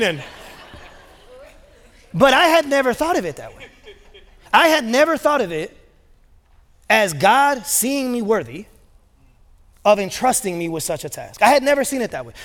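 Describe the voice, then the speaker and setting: A pastor with a somewhat high, slightly bright voice preaches a sermon in a large church auditorium, with the long reverb of the big hall audible. He tells stories casually, using many fillers.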